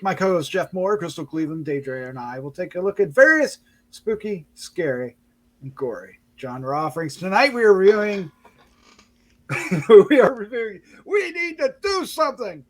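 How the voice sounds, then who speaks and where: A man's voice: on the high side, a bit bright. A man hosting a casual review show, playful and chuckling, sometimes stumbling over his words. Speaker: podcast host.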